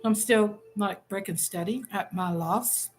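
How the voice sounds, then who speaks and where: A woman's voice: medium pitch, a little slow, faint music behind. A woman hosting a casual live stream from home, chatting candidly with viewers and reading out their comments.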